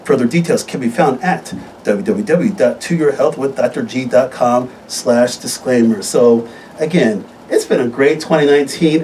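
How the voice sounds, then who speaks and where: Male physician host, upbeat and animated, heard from a distance with faint noise behind him. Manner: upbeat, animated storytelling with wide pitch swings. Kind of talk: live radio health talk show. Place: radio studio.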